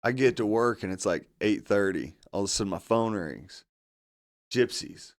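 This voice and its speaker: A man hosting a podcast, telling a story in a lively, profane, casual way. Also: fairly low pitch, normal speed. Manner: animated, heavy swearing. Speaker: podcast host.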